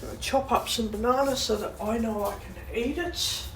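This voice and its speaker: A woman venting angrily about her frustrations while making food in her kitchen, swearing and repeating herself. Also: a little high. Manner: angry, swearing, slow repetitive venting. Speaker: vlogger. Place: kitchen at home. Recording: roomy, distant, noisy background.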